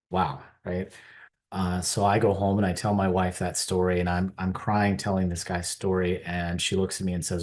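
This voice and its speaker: Middle-aged American man, deep-voiced keynote speaker, animated earnest storyteller. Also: moderate pace. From United States. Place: conference stage.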